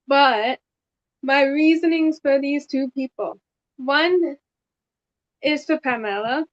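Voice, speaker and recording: A woman with a high voice speaks haltingly, searching for words as she explains her votes in a game. The audio is dull, dry and lo-fi, as if from a cheap mic on a video call. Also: no echo. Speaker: game contestant. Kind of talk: casual game talk.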